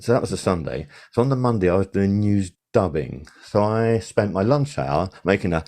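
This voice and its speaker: An older man spins rambling stories in a relaxed podcast interview, stopping often for fillers and restarts. His voice sits low. The tone is dark and mellow. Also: a little fast, hardly any pauses. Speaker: podcast guest, sound supervisor. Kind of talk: casual interview.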